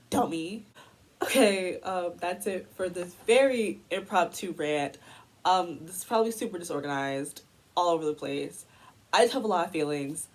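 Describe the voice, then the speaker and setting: A woman's voice: lowish voice, rough recording. A young woman from the United States delivering a heated, exasperated commentary rant as a vlogger.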